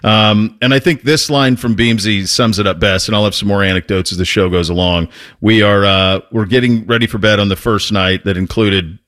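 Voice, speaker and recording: A man hosting a talk show, telling a casual, animated story with frequent restarts and laughs. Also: lowish voice, normal speed. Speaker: host.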